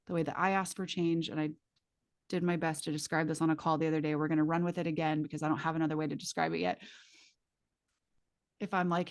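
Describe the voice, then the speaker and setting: A woman's voice: sits low, fairly even intonation, quick pace. A woman facilitator teaching a live class in a casual, emphatic way, swearing freely and speaking straight to her students through vivid images.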